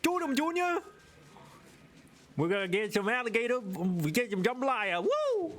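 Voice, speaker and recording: Male streamer doing a high, whooping Louisiana Creole man, broad and cartoonish. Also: huge pitch swings, normal speed, fairly bright tone, exaggerated voice. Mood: rowdy. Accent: exaggerated Louisiana Creole. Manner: whooping, hollering. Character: rowdy excited Louisiana man heading out.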